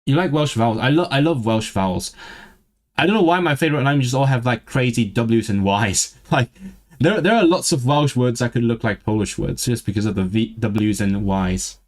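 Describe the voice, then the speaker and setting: Male streamer, mid-pitched, faintly posh southern British accent, rambling and self-interrupting. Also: moderate pace. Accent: vaguely southern British. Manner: chatty, stumbling restarts, frequent laughs. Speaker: language-learning streamer. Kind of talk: casual livestream chat. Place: lives in northwest England.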